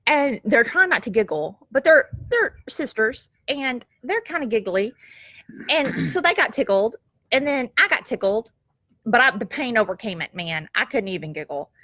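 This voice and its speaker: Middle-aged woman vlogger, high-ish voice, dry close sound, folksy and animated storyteller. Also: normal speed, dry recording. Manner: animated, laughs easily, homespun phrasing. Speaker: vlogger telling a family story. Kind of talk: casual storytelling. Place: at home, goats nearby. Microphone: camera.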